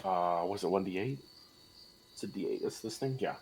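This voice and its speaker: A man playing a tabletop game, joking and blurting out his attacks in quick bursts. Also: sits low, a little mellow, a little hiss or hum, poor audio. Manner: jokey, rushed bursts. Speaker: player. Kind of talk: casual tabletop play.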